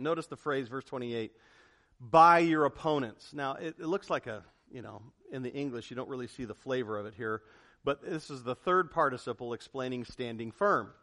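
A man preaching a sermon, swinging from hushed, low asides to loud, excited exclamations. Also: fairly quick. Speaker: pastor.

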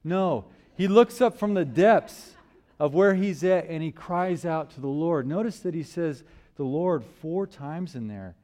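Male preacher, slightly high voice, emphatic sermon delivery with rhetorical questions, from loud stress to near murmurs. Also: expressive, a little slow. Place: church.

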